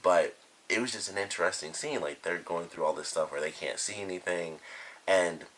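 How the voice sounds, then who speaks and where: A man's voice: low-pitched, normal speed, a bit bright, a little hiss or hum. A man giving a casual spoken review of a cartoon episode, retelling scenes in a loose, rambling way full of "like" and "you know". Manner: rambling, filler-heavy retelling.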